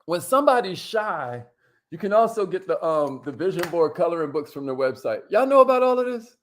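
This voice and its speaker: A man hosting a casual livestream, lively and slangy, calling out to viewers and sometimes dropping his voice low to make a point. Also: a little fast. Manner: lively, hypes up viewers and reads their comments; drops to a near whisper to make a point. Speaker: host.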